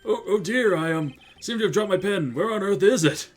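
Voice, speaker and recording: A man voicing a timid old male judge in a video game, high-pitched and stammering. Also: animated, a little fast, soft background music. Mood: flustered.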